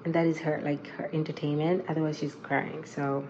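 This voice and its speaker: A woman chatting excitedly to her vlog viewers from home, with lots of fillers and asides. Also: deep voice, a little fast, roomy sound, lo-fi sound, a little hiss or hum. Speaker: vlogger. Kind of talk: casual vlog chat.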